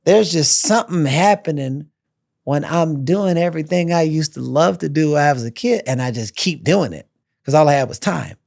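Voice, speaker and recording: A man telling a personal story as a podcast guest, animated and repeating phrases for emphasis. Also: on the high side, moderate pace, creaky, no room sound, studio quality. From United States.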